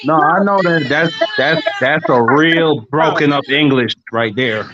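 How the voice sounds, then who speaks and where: A man's voice: on the high side, unhurried, highs cut off. A man in laid-back, teasing, profane group chat.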